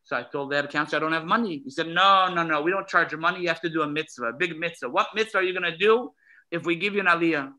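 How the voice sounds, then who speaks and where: Bright lively guy telling a story to a crowd, acts out the voices. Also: fairly high pitch, fast talker, rough recording. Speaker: emissary rabbi. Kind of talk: storytelling talk at a gathering. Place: synagogue gathering hall.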